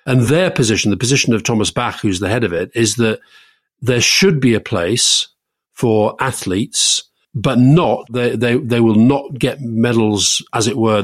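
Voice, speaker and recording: A man co-hosting a podcast, giving measured opinions in casual political chat, with frequent stammering restarts. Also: fairly low pitch, no room sound, clean studio sound. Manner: measured, stammering restarts, quick to lift into emphasis. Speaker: podcast co-host.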